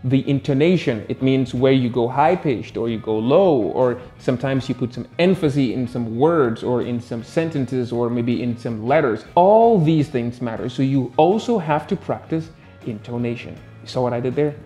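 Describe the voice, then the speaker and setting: Lively man teaching, warm voice. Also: normal speed, few pauses, faint music behind. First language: Arabic. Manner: lively, playful, swings pitch up and down for emphasis. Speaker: English tutor. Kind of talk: casual video lesson.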